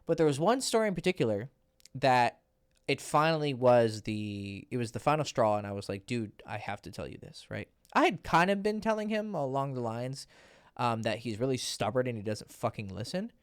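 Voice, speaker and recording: A man's voice: medium pitch, animated, normal speed, clear, resonant tone, dry recording, studio quality. A man working as a dating coach, telling a client story in a blunt, casual, profane way.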